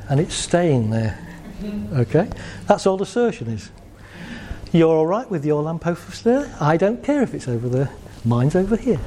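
A man's voice: on the high side, darkish tone. A middle-aged man giving a casual talk to a live audience, chatty and jokey, laughing at his own stories. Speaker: speaker giving a talk on assertiveness.

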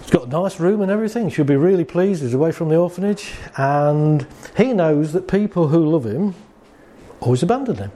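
This speaker on anxiety and relationships has a fairly high, animated, mellow voice and a brisk delivery. Chatting with his audience, he plays out small scenes and laughs as he goes.

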